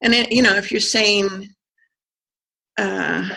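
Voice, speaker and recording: An accent coach explaining pronunciation in conversation, pausing to think and sounding out vowels to demonstrate. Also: medium pitch, steady tone, vocal fry, bright, forceful tone. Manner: thoughtful, pauses with fillers, sounds out vowels to demonstrate.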